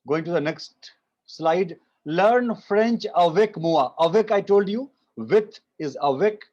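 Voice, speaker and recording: A man's voice: high-pitched, animated, darkish tone. Indian man teaching French over a video call. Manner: repeats phrases slowly for pronunciation, mixing English and Hindi. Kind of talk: online class teaching. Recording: muffled video call audio.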